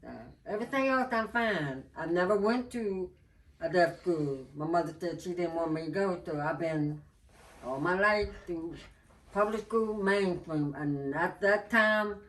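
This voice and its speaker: A middle-aged woman who is hard of hearing speaks slowly and carefully, some consonants coming out soft and unclear. She sits back from the microphone, so her voice is a bit distant. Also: on the low side. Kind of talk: casual podcast chat.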